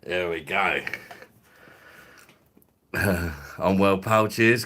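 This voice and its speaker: London bloke, cockney-ish, low voice, easygoing mate talk on a live stream. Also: male voice, slow pace, pauses often, sharp tone, a little hiss or hum. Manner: matey, chatty, drops in slang and laughs. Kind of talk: casual live chat with viewers.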